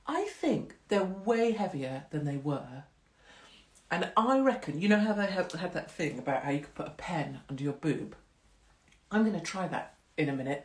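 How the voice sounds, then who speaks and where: A woman's voice: deep voice, roomy sound. Chatty, swearing middle-aged woman livestreaming. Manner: chatty, rambling, swears freely, self-mocking. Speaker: host of a live social-media stream. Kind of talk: casual chat with live viewers.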